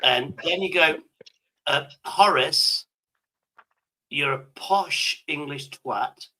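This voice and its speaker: A man's voice: a little high, takes it slowly, pushed and bright, slight background noise, low-quality recording. A man hosting a stream in casual chat, crude, joking and rambling. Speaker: streamer host.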